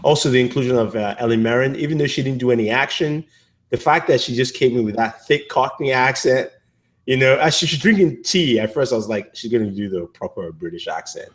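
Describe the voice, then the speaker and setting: A man's voice: mid-range voice, brisk. Rambling man chatting about a movie. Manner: rambling, lots of fillers and restarts; acts out characters' lines in quotes. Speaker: movie review co-host. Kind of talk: casual movie review chat.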